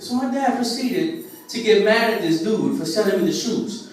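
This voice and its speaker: His voice is high-pitched, expressive and fairly quick as he tells a meandering stand-up story with plenty of fillers and put-on voices. He's a comedian from a Puerto Rican family in the US, playing an open mic on a restaurant stage, captured far from the camera in a very echoey room.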